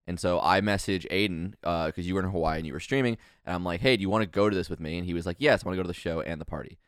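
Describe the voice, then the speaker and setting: A man's voice: deep voice, racing, smooth, no room sound, studio quality. A man co-hosting a podcast, telling a long story in casual chat and acting out what people said. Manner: animated storyteller, acts out quoted dialogue. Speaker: podcast co-host.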